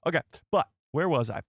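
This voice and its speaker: A man's voice: fairly high pitch, animated, moderate pace, a bit bright, breathy edge, dry recording, studio quality. A man hosting a casual live stream, chatting to viewers and laughing often.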